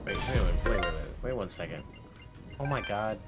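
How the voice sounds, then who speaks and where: A man hosting a gaming channel, giving let's-play commentary with excitable, swearing, shouting reactions. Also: on the low side, normal speed. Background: loud game music.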